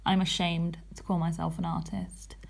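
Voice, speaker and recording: A woman in her twenties, talking softly and a bit nervously in a personal vlog. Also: on the low side, level tone, moderate pace, vocal fry. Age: 20s. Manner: soft-spoken and nervous, often hushed. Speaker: vlogger.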